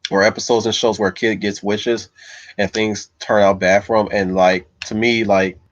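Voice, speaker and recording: Low-voiced man rambling on a livestream. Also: flat delivery, normal speed, dry recording. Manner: loose, meandering, thinks aloud while answering viewers. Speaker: livestream host reading chat. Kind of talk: casual rambling livestream chat. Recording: slightly dull lo-fi mic, dry.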